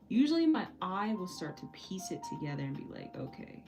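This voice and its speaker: A woman's voice: lowish voice, sing-song, brisk, few pauses. A young woman talking casually while painting, frustrated and joking about herself, laughing often. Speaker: painting vlogger. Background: soft background music.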